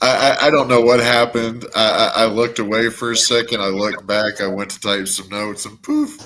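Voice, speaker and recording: A man's voice: lowish voice, steady tone, moderate pace, fairly bright tone, a little hiss or hum. A man co-hosting a wrestling podcast, chatting casually, stammering and swearing as he rambles. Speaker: podcast co-host.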